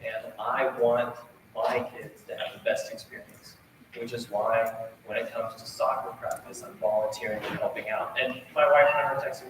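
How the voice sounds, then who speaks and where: A man's voice: mid-range voice, steady tone, normal speed. A man in his thirties or forties, a band director, making a rambling, earnest appeal to a concert audience in a school auditorium. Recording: echoey hall from far off, room noise.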